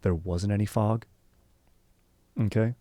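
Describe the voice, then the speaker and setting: A young man co-hosting a podcast, chatting in an animated, joking, rambling way. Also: on the low side, slow. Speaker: podcast co-host. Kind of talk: casual chat.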